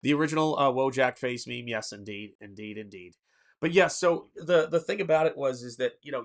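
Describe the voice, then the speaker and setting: A man with a Southern American accent chats casually on a livestream from his home art studio. He rambles and restarts, filling gaps with ums while reading viewer messages aloud. His voice sits at an ordinary middle pitch. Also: a little fast. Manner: rambling, reads chat aloud, many fillers and restarts. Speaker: artist and livestream host.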